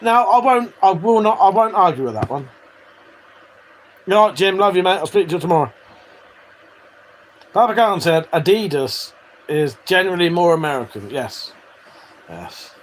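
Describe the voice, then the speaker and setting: A man's voice: high-pitched, big pitch swings, unhurried, pauses often. A man hosting a livestream, reading out chat messages in a casual, joking way, swearing freely and laughing often. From Britain.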